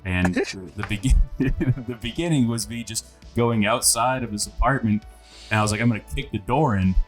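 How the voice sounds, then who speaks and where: A man's voice: mid-range voice, normal speed, faint music behind. A young man co-hosting a podcast, telling a story in a laid-back casual chat. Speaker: podcast co-host.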